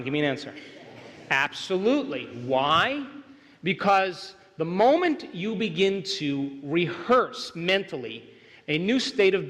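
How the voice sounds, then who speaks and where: A middle-aged man gives a workshop talk to a live audience in a large hall, speaking emphatically and often asking them to agree. His voice is fairly high and fairly bright. The recording carries hall reverb and a live-venue feel.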